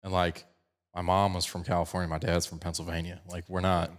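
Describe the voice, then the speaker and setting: A man from Colorado with a slight picked-up Southern twang, hosting a podcast in fast, animated casual chat. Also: sits low. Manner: fast-talking, animated storyteller. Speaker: podcast host.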